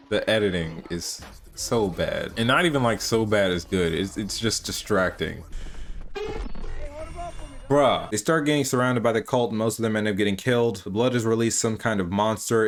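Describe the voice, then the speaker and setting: A man giving a sarcastic, exasperated comedic recap of a horror film, often laughing at it. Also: fairly low pitch. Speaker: film reviewer. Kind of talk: comedic movie recap commentary.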